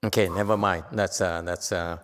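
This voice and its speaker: A man's voice: low-pitched, steady tone, moderate pace, a little hiss or hum. A man giving a Buddhist dharma lecture in a temple hall, talking to the audience in a teasing, conversational way and asking them questions. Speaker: Buddhist teacher.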